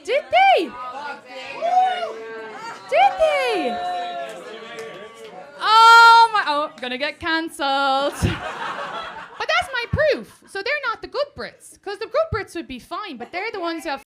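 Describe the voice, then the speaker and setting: A woman's voice: very high-pitched, big pitch swings, normal speed. A young Irish woman doing stand-up crowd work on a club stage, brash and swearing, laughing through her punchlines. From Ireland. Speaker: stand-up comedian. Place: comedy club stage before a live audience. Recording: live club audio with loud crowd and noise.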